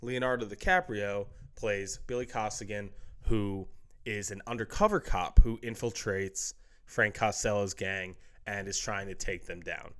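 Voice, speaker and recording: A man's voice: lowish voice, steady tone, unhurried, fairly bright tone. A man hosting his own movie review, talking casually and with enthusiasm, rambling through his opinions.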